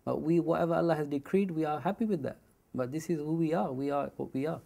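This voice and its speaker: In a slightly high, creaky voice with a dark tone, a man teaches Quran commentary. He rattles off Arabic verses quickly, then explains them in English, often stepping aside from the main point.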